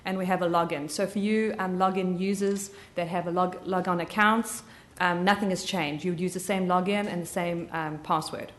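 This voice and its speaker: A woman with a slight Southern US drawl giving a live software training, chatty and full of ums and self-corrections. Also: lowish voice, fairly even intonation, normal speed.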